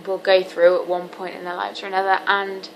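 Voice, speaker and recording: A seventeen-year-old woman talking candidly to camera in a personal vlog, earnest and halting with frequent ums. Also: medium pitch, monotone, a little hiss or hum, rough recording. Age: teens. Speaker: vlogger.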